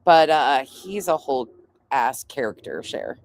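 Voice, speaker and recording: A woman's voice: extremely low pitch, very animated, measured pace, creaky, slight background noise. A woman hosting a casual livestream, chatting loosely, swearing freely and laughing often. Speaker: livestream host. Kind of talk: casual commentary.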